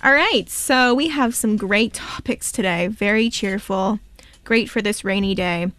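A woman's voice: medium pitch, a little slow, fairly bright tone, no room sound. A young woman hosting a college radio talk show, bubbly and jokey with her guest. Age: young adult. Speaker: radio host.

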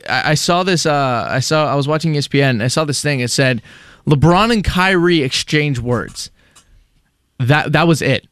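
Sarcastic young man, smooth voice. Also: mid-range voice, a little fast, few pauses, a bit bright, no echo. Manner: sarcastic, mocking. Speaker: podcast co-host. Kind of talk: casual sports chat.

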